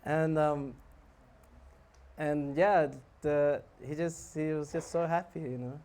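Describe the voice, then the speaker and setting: A monk preaching who tells a lively story, acting out scenes and laughing. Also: male voice, on the high side, takes it slowly. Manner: animated, laughing, acts out scenes. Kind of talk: storytelling sermon.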